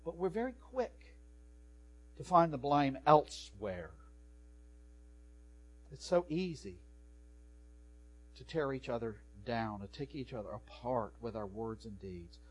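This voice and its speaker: A man, a pastor, preaching a sermon with animated swings from soft to loud. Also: mid-range voice, unhurried, long pauses. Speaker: pastor and professor.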